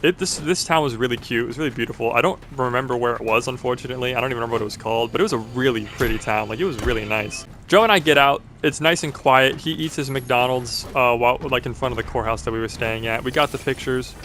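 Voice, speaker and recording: A man's voice: mid-range voice, fast talker, hardly any pauses, a bit bright, a little hiss or hum. A young man in college telling a casual, rambling story, full of "like"s and restarts. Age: young adult. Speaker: vlogger.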